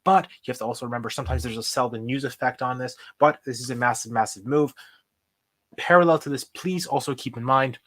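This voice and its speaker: A young man hosting a casual live stock show, chatting and thinking out loud as he reads charts. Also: medium pitch, fast talker, no room sound. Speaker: host. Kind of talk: casual livestream stock commentary.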